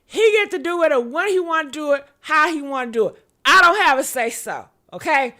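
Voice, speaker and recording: A young woman hosting a show, telling a story in casual chat, dramatic and laughing loudly as she goes. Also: high-pitched, expressive, normal speed. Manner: loud, laughing, dramatic retelling. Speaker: show host.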